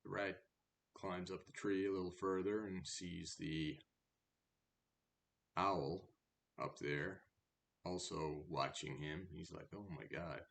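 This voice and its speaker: A man reading a verse fable aloud, then retelling it in a relaxed, chatty way. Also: deep voice, slow pace, gravelly, long pauses, a little hiss or hum. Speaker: storyteller.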